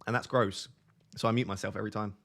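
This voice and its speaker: A man's voice: fairly low pitch, steady tone, fast, fairly bright tone. Essex-accented man, young adult, casual livestream chat, talking to viewers, close microphone. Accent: Essex English. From Essex, England. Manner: chatty, reads and answers viewer chat. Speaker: livestream host. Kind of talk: casual live stream chat. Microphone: close desk microphone.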